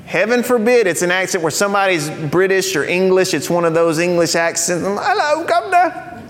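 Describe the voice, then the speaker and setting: A male pastor preaching a sermon in a conversational teaching manner, dropping in joking asides and slowing down to stress key phrases. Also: high-pitched, fairly bright tone. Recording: long reverb of a large hall.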